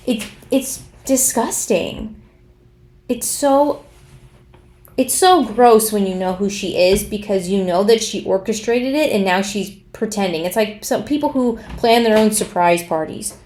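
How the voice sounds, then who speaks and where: A woman's voice: mid-range voice, unhurried, a little mellow. A woman giving casual commentary in a sarcastic, scornful, exasperated tone. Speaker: commentary vlogger.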